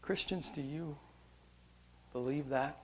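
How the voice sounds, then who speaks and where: A man preaching a sermon as pastor, addressing the congregation directly and moving between hushed storytelling and loud, impassioned preaching. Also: on the high side, slow pace, a little hiss or hum.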